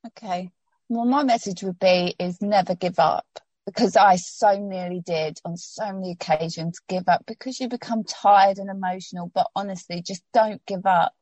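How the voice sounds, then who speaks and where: A woman's voice: mid-range voice, fairly even intonation, moderate pace, darkish tone, dry recording. A woman telling her personal story in an interview, heartfelt and rambling with many restarts, getting emotional.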